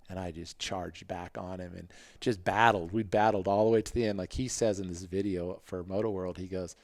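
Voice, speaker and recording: A man in his fifties, a podcast guest, telling racing stories in a casual, animated way and acting out what people said. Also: moderate pace, hardly any pauses, no room sound. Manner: animated, acts out quotes in a higher voice. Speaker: podcast guest, former motocross racer. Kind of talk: casual interview storytelling.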